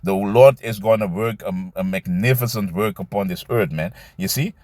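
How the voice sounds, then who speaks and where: A man teaching scripture in a loose, conversational way, reading verses slowly and commenting, often adding "man" and "you see". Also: on the low side, darkish tone, dry recording, clean studio sound. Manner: reads verses aloud slowly, then comments.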